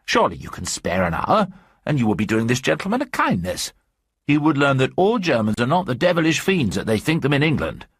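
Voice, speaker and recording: A man's voice: mid-range voice, very animated, brisk, husky, no echo, studio quality, voice pushed up. A man voicing a stout, talkative English journalist with an eager, ingratiating manner. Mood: persuasive. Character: stout chatty English journalist husband, middle-aged.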